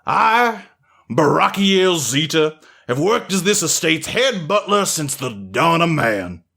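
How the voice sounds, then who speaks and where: A man's voice: fairly high pitch, sing-song, takes it slowly, vocal fry, bright, forceful tone, voice pushed up, exaggerated voice. A man voicing an ancient, long-winded head butler who speaks with grand, formal politeness. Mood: grandiloquent. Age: older. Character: ancient pompous male estate head butler.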